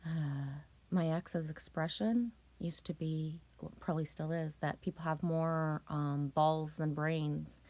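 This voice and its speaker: A woman's voice: low voice, steady tone, takes it slowly, warm tone. A middle-aged woman chatting casually on a live stream, loose, profane and rambling as she greets viewers.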